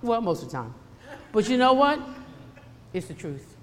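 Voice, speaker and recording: A woman's voice: on the high side, moderate pace. Emphatic woman preaching in a reverberant hall. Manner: emphatic and animated, swinging between loud and hushed. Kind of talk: sermon.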